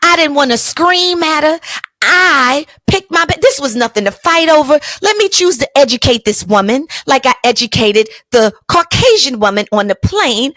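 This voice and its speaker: A woman's voice: sits high, big pitch swings, moderate pace, fairly bright tone, no room sound. A woman hosting a podcast, telling a personal story in an emphatic, colloquial, motivational way. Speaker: podcast host.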